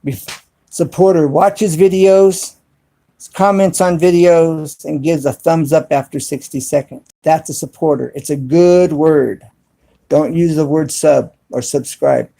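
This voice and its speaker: Male live-stream host, slightly high gravelly voice, slow and deliberate, spells things out, phone mic. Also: fairly even intonation, mellow. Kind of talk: casual live-stream chat with viewers. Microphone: cell phone.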